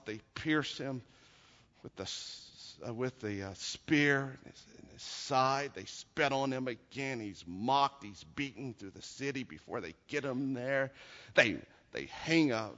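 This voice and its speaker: A man preaching a sermon, dramatic and storytelling, dropping low for grim details and shouting at the climaxes. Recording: lo-fi recording with long hall reverb.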